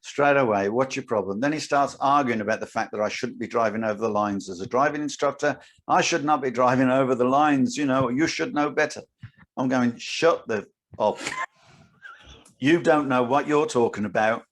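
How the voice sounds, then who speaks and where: A man's voice: mid-range voice, fairly quick. A man, a podcast co-host and driving instructor, telling an anecdote in casual chat and acting out his own lines. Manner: animated storyteller, acts out his own lines.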